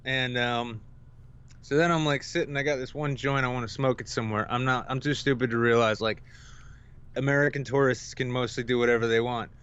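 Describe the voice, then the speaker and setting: A man on a podcast spins a profane, playful story in a relaxed chat. His voice is smooth and resonant at a middle pitch. The stream audio is a bit dull and lo-fi. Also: a little fast. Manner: loose, profane, playful storytelling with acted-out quotes. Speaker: podcast co-host.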